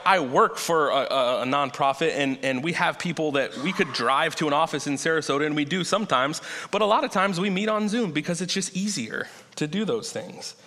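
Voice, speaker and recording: A man delivers a sermon in an easy, conversational way, drawing out the words he wants to land. His voice is bright and forceful. The long reverb of a large church sanctuary trails behind every phrase. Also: a little high. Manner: conversational, slows down to stress key points. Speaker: preacher.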